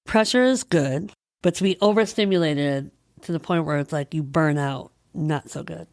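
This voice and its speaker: A woman's voice: deep voice, moderate pace, dry recording, clean studio sound. A woman hosting a podcast, talking through a personal experience in a candid, emotional, searching way. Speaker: podcast host. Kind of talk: personal reflective monologue.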